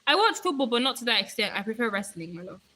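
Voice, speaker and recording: A young woman rambles playfully to her live stream viewers, picking up their comments as she goes. Her voice is bright and fairly high, with a slight hoarseness from talking. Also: very animated, fast talker, poor audio. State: voice going hoarse.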